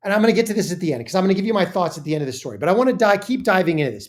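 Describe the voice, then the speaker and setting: A woman's voice: mid-range voice, darkish tone. Brief: woman host of a reaction channel, indignant and emphatic, stumbles and restarts often. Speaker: political commentary host. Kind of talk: reaction commentary.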